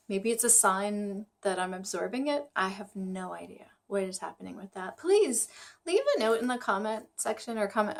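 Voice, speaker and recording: A woman vlogging about her study habits, chatty and self-deprecating, thinking aloud as she goes. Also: mid-range voice. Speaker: vlogger learning Chinese. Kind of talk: casual vlog talk to camera.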